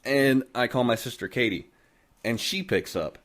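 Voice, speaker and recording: A man casually telling a story on a podcast, animated and full of cursing. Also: mid-range voice, moderate pace. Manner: profane, animated, heavy cursing. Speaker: podcast host.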